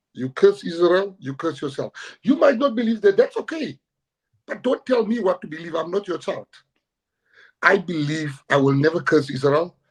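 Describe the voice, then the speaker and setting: A middle-aged South African man is answering interview questions in a combative, insistent manner. His voice is husky and sits a little high for a man. He drives each point home by repeating it. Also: rough recording. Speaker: political party leader.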